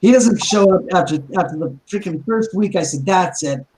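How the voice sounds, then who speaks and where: A man's voice: high-pitched, expressive, moderate pace, darkish tone, low-quality recording. A man casually telling a ghost story about his house, rambling with restarts and acting out quoted dialogue.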